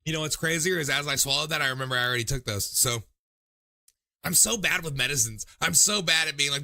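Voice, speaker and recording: Male stream host, tipsy and loose, profane rambling chat, sharp bright tone. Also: on the high side, fast. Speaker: livestream call-in show host. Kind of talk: casual livestream chat.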